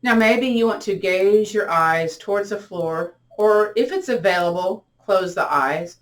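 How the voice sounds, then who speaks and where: A middle-aged woman teaching gentle yoga, guiding breathing and a body-scan meditation in slow, soothing cues with counted breaths. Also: mid-range voice. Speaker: yoga and tai chi instructor.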